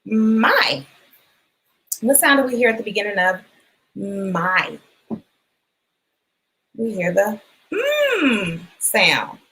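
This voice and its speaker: A woman teacher giving a phonics lesson for young children, sounding out letters and words clearly and encouraging them. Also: mid-range voice, very animated, slow pace, long pauses, bright, forceful tone, poor audio. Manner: encouraging, asks questions and waits.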